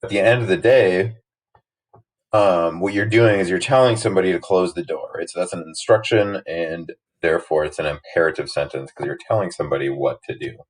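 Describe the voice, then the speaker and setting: Deep-voiced man explaining a slide lesson. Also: fairly quick, low-quality recording. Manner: casual, explains with many rights and ums. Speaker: teacher. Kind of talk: recorded slide lesson narration.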